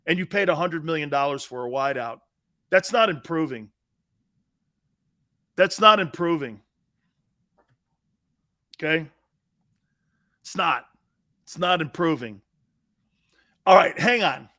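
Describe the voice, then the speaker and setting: A brash, blunt middle-aged man hosts a live sports talk show, cursing freely and swinging between loud outbursts and quiet asides. He's expressive but unhurried, with frequent pauses.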